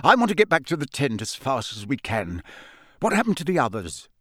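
A man voicing a kindly middle-aged father who speaks quietly but briskly and tensely. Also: mid-range voice, wildly swooping pitch, no echo, studio quality.

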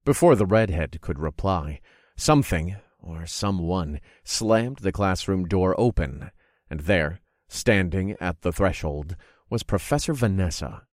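A man narrating a fantasy story in first person, steady and expressive. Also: low-pitched, unhurried, no echo, clean studio sound. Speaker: audiobook narrator.

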